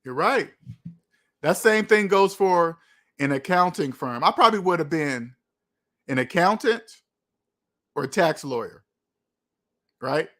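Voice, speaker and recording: A man's voice: fairly high pitch, animated, a bit bright. Emphatic man hosting a live chat. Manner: emphatic, slows down to stress points, laughs. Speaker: livestream host. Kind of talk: live chat reading comments.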